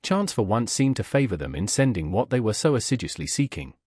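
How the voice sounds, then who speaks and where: A man reading a classic novel aloud as an audiobook narrator, in a measured storytelling delivery that voices the characters' dialogue. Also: on the low side, very animated, a little mellow, breathy edge, no echo, clean studio sound.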